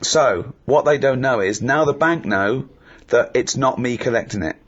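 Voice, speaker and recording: A middle-aged man telling comic anecdotes in casual chat, animated and laughing as he acts out what people said. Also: mid-range voice, moderate pace, muffled recording. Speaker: comedy podcast host.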